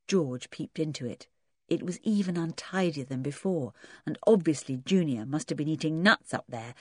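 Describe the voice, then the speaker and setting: A woman narrating a children's storybook with a low, steady voice. Her reading is measured and clear. The sound is dry and close. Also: no echo. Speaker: audiobook narrator.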